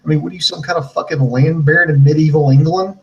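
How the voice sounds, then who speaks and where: A man's voice: fairly high pitch, steady tone, fast, muffled recording. A man co-hosting a wrestling podcast, ranting sarcastically in casual, profane chat and mimicking people he mocks. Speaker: podcast co-host.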